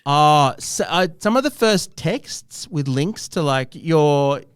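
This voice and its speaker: A man from Australia, a comedian co-host in casual chat, quick and sarcastic. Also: fairly high pitch, clean tone, no room sound, clean studio sound. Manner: sarcastic, quick, animated impressions.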